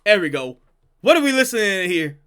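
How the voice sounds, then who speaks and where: A man's voice: high voice, big pitch swings, brisk, music in the background. A man streaming, reacting to old prank calls with casual, laid-back commentary and chatty asides.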